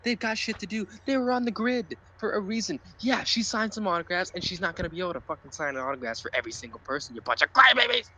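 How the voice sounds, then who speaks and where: A man co-hosting a casual sports podcast, ranting loudly, sarcastic and profane. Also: high voice, fast, hardly any pauses, slight background noise. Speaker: podcast co-host.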